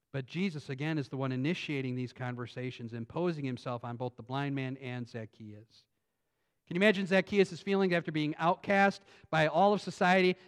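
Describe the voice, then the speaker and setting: A pastor preaching an earnest sermon that builds to emphatic points. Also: male voice, a little high. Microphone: phone on pulpit.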